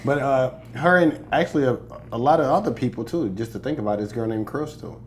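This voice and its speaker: A man's voice: mid-range voice, brisk, slight background noise. A young American man, a comedian, chatting casually in an interview, boastful and joking, laughing often. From United States. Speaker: comedian guest.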